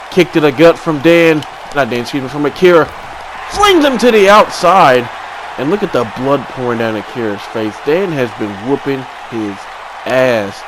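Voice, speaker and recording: A man giving excited play-by-play commentary on a video game wrestling match, swinging from low mutters to sudden shouts. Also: normal speed. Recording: crowd and game noise behind.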